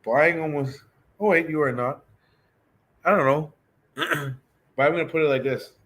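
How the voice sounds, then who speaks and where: A man's voice: fairly high pitch, moderate pace. Chatty man teaching a language class. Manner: relaxed, chatty, thinks aloud with many restarts. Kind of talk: casual online language class.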